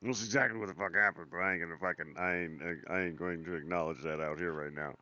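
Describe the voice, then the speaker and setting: A man's voice: deep voice, fairly even intonation, fast talker, pushed and bright, muffled recording. A blunt man playing a tabletop game, swearing freely in casual talk. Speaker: player. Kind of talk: casual in-character chat.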